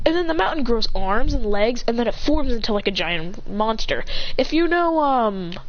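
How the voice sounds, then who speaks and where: A woman improvising an adventure story aloud, rambling along and often stopping to correct herself. Her voice sits fairly high and swings up and down a lot. The recording sounds muffled and lo-fi. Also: expressive, moderate pace, slight background noise. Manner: rambling, frequent self-corrections.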